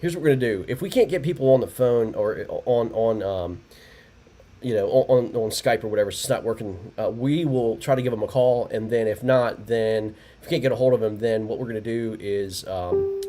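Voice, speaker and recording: A man's voice: on the low side, mellow. A man hosting a live results stream, rambling with many fillers and restarts, laughing often. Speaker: tournament host.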